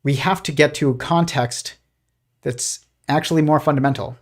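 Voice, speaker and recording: A man's voice: on the high side, fairly even intonation, moderate pace. A man hosting a live stream, talking in a rambling, argumentative way, with frequent restarts and fillers, dismissive of the ideas he discusses. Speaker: host.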